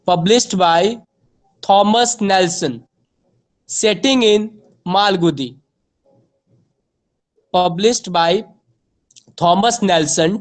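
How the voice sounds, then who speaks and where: A woman teacher dictates literature notes at an unhurried, deliberate pace. She repeats every phrase and spells out key words letter by letter for her students to copy down. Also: medium pitch.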